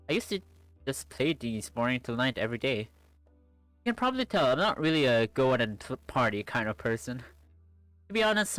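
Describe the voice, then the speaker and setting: A woman's voice: rumbling low, a bit bright, no room sound, exaggerated voice. A streamer voicing a shy, nerdy young woman in a visual novel, talking awkwardly and trailing off. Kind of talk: visual novel read-aloud.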